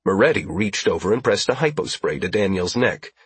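A man narrating a science-fiction audiobook in a steady, even storytelling manner. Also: fairly low pitch, fairly quick, breathy edge, dry recording. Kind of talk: scripted narration.

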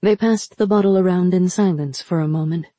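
A woman narrating a novel in a steady, measured reading. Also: fairly low pitch, no room sound. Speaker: audiobook narrator. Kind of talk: scripted narration.

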